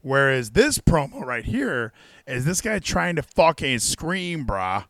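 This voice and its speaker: A young man chatting casually on a podcast, excitable and rambling, with frequent swearing. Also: mid-range voice, slow, dry recording, studio quality. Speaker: podcast host.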